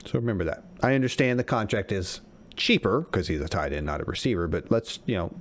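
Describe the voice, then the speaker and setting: A man's voice: lowish voice, expressive, fast talker. A man co-hosting a casual sports chat, talking in a confident, analytical way. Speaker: podcast co-host.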